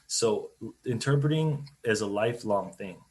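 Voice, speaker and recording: Lower-pitched man answering interview questions. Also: expressive, a little slow, darkish tone. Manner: conversational, explanatory, laughs easily. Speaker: guest, company CEO. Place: remote video call.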